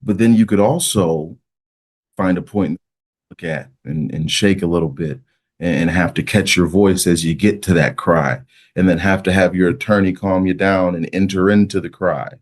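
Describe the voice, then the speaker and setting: A man's voice: low-pitched, moderate pace. A man, a mock trial coach, speaking as a podcast guest and giving earnest, practical coaching advice. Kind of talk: casual podcast interview.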